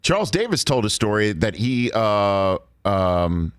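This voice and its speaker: A man's voice: fairly low pitch, big pitch swings, measured pace, clear, resonant tone, no room sound, clean studio sound. A man hosting a sports talk show, chatting casually and with enthusiasm. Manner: enthusiastic, exclaiming.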